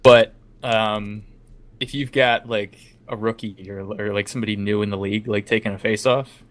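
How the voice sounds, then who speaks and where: A fairly low-pitched man talking through sports rules in a relaxed podcast chat. He rambles a bit and leans on "like" as he explains, laid-back and conversational. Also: normal speed. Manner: explains hockey rules at length, many "like" fillers. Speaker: podcast co-host.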